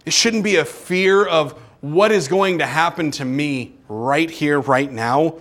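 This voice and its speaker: Unhurried and fairly high in pitch, a male pastor delivers a sermon, firing repeated rhetorical questions at his audience as he shifts between urgency and hushed tones.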